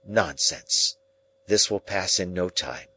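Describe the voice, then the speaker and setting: A man's voice: sits low, expressive, takes it slowly, bright, forceful tone, exaggerated voice, rough recording. A man reading the part of a cold, proud young woman who speaks with cool contempt, in a storybook reading. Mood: dismissive.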